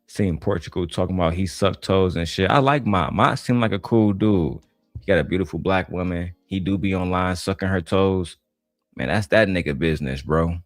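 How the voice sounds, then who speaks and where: Deep-voiced trash-talking guy from detroit, blunt reaction commentary, dry close mic. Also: normal speed, dry recording, faint music behind. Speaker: commentator reacting to a panel clip.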